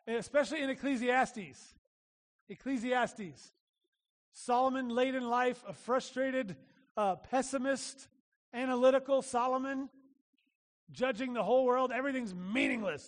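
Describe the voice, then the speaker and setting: High-voiced male pastor in a reverberant hall. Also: normal speed. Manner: conversational, animated, acts out little voices. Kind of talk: sermon.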